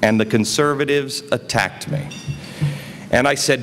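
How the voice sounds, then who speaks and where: A man giving an emphatic political speech at a conference, his voice swinging between quiet and loud. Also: mid-range voice, measured pace, pauses often. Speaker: speaker. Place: conference hall. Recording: reverberant hall, faint noise.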